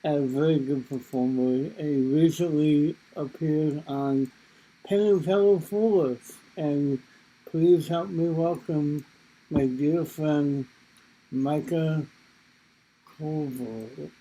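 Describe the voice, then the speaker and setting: Male host on a video call; very slow, hesitant delivery, many ums. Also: a little high, steady tone, warm tone, low-quality recording. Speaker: show host. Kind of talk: live show hosting over video call.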